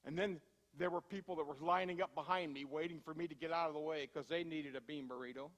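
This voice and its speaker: A man preaching a sermon as pastor in a church, telling everyday stories in a conversational way, slowing down to stress points and speeding through asides. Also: fairly high pitch, fairly even intonation, fairly bright tone, long reverb tail. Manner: conversational storytelling, shifting from slow emphasis to quick asides. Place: church sanctuary.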